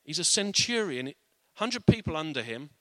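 A man's voice: fairly high pitch, sing-song, normal speed, pushed and bright, no room sound. A man giving an informal, earnest Bible teaching in a conversational way.

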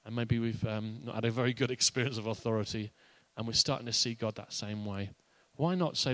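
Male pastor, mid-pitched voice, chatty and humorous, close and dry sound. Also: fairly quick, few pauses, a bit bright, no room sound. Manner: conversational and playful, with laughs and asides. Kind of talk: sermon.

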